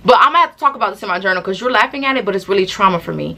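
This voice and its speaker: A young woman vlogger, telling a storytime tale in a casual, animated, slangy way with laughing asides. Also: mid-range voice, rapid-fire, vocal fry.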